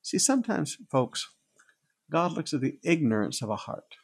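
A man preaching a sermon, with a gravelly, husky voice, repeating phrases for emphasis. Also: on the high side, very animated, normal speed. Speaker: pastor.

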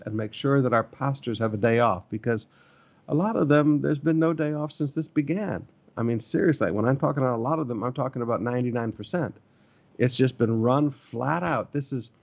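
A middle-aged man preaches to his church with earnest urgency, circling back to his key phrases. His voice carries a gravelly rasp at mid pitch. The recording sounds a little muffled and lo-fi. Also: darkish tone. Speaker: pastor. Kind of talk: sermon.

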